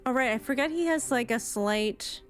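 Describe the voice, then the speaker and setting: A woman's voice: fairly high pitch, normal speed, soft background music. A woman streamer giving chatty, playful commentary while playing a story game, drifting into rambling asides. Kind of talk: casual let's-play commentary.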